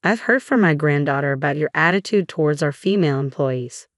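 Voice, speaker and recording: A man's voice: fairly high pitch, animated, brisk, fairly bright tone, dry recording, clean studio sound. A woman reading the part of a stern elderly company chairman who scolds firmly. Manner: firm, reproachful.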